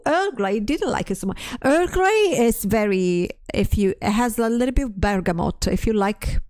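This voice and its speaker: During a casual livestream chat, a stressed woman streamer rants and swears often, restarting her sentences while reading chat aloud. Her pitch is medium.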